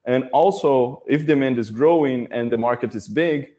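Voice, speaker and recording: A man's voice: medium pitch, moderate pace, dark tone. A man with a Brazilian accent, a native Portuguese speaker, discussing a book in a webinar with thoughtful, hesitant phrasing over a video call. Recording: dull, lo-fi video call audio.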